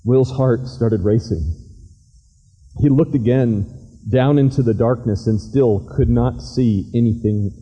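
A man's voice: medium pitch, slow pace, warm tone, slightly rough, highs cut off. A man preaching a sermon as pastor, chatty with the congregation and telling a dramatic story. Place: church sanctuary. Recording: echoey church hall.

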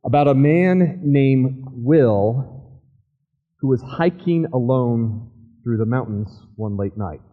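A man's voice: mid-range voice, animated, takes it slowly, narrow, tinny audio. A man preaching a sermon as pastor, chatty with the congregation and telling a dramatic story. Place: church sanctuary. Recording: echoey church hall.

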